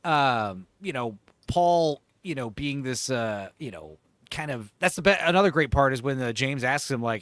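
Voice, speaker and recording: A man's voice: mid-range voice, animated, moderate pace, fairly bright tone, dry recording. A man hosting a casual horror movie panel, rambling with many fillers and acting out lines from scenes. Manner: rambling, many fillers and restarts, acts out quotes. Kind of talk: casual live-stream panel chat.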